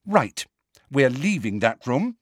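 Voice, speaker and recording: A brisk, commanding teenage witch girl, put on by a man reading a storybook. Her voice sits well above the reader's own and stays lively. She sounds close and dry. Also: on the high side, no room sound, pitched above the performer's own voice, heavily acted. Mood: decisive. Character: bossy, sharp-tongued teenage schoolgirl witch. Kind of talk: audiobook character voice.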